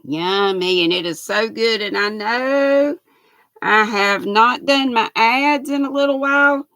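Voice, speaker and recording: An older Southern woman with a bright, high voice and a gravelly edge, talking slow and easy as she hosts a livestream. She greets each of her viewers by name in a chatty, folksy way. The sound is close and dry. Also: no room sound, rough recording. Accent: Southern American. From Southern United States. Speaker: livestream host. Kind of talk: casual chat with viewers.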